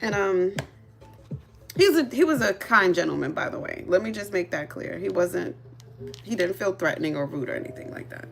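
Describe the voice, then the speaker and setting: A woman's voice: on the low side, moderate pace, gravelly, soft background music. Giggly woman telling a story to viewers. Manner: laughs often, giggly and animated; chatty, addresses viewers directly. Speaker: livestream host. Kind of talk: casual storytelling chat. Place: in a car.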